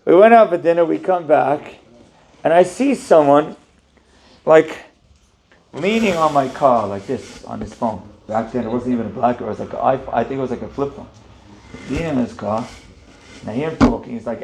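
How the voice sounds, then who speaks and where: Animated rabbi telling a story, gravelly. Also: male voice, mid-range voice, moderate pace, a little hiss or hum. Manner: animated, conversational, addresses the audience. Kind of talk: storytelling sermon.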